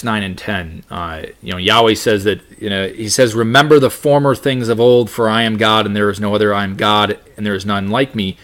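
In this Bible study lesson, the male teacher, whose voice is fairly low with a fairly bright tone, reads scripture aloud. He explains it with lots of fillers and frequent restarts.

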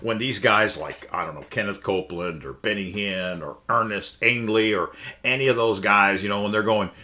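A man's voice: on the low side, normal speed, sharp tone. A man teaching the Bible in a conversational sermon, emphatic and full of rhetorical questions. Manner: emphatic, asks the listeners many rhetorical questions.

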